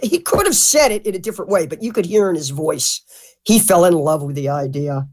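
A woman speaking as a guest in a loose, casual interview. She is blunt and salty with her words, and her pitch jumps around a lot in an animated, expressive way. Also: fairly quick. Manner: blunt and profane; animated, mimics others. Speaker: podcast guest.

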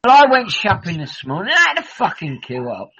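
A man's voice: high-pitched, big pitch swings, fairly quick, a crowd in the background. A man, chatting in a rambling, jokey way and swearing freely. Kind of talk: casual rambling chat. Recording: dull lo-fi audio.

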